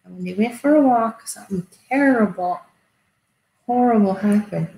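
A woman telling a Bible story to children in an animated way, asking them questions. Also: medium pitch, normal speed, creaky. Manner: animated, asks kids questions. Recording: echoey room.

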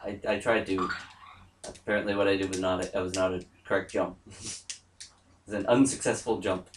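A woman's voice: a bass voice, steady tone, fairly quick. A woman co-hosting a let's play in casual chat, giggling and reassuring her partner, often apologizing. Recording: roomy echo, distant mic, faint hiss.

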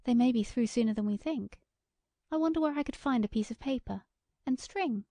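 In this audiobook, a timid sheriff's wife speaks in a thin, wavering voice pitched high, as a woman narrator puts her on. She is hesitant and indecisive, with a dry close sound and a mellow, gravelly edge. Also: brisk, dry recording, lightly acted. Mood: anxious.

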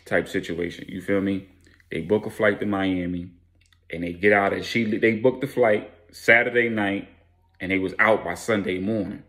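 Man telling a street story in slang. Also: fairly low pitch. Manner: slangy, animated, with sound effects. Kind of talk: casual storytelling.

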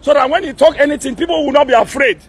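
High, gravelly Nigerian pastor scolding loudly. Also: male voice, fast. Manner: scolding, repeatedly demands "are you hearing me"; bursts into shouting. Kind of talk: angry video rebuke.

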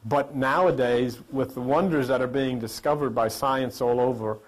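A man hosting a talk show, talking casually to a studio audience and telling animated stories with laughing asides. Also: medium pitch, normal speed. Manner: animated storyteller, acts out voices with laughing asides. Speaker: host.

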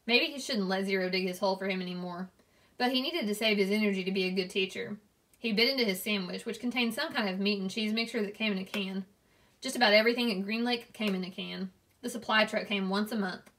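A woman reading a novel aloud, narrating steadily and clearly. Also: medium pitch, fast talker, a bit bright. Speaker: reader.

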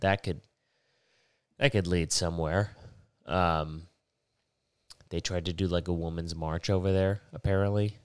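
A man's voice: sits low, clear, resonant tone, no room sound, studio quality. A young man hosting a podcast while sick with a stuffy, nasal voice, rambling casually and swearing often. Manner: rambling, profane, digressive. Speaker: podcast host.

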